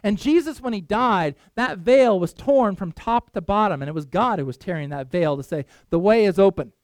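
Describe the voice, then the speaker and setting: A man's voice: high voice, lively intonation, normal speed, no room sound. A man preaching a sermon in a church, telling stories with loose, chatty asides to the congregation.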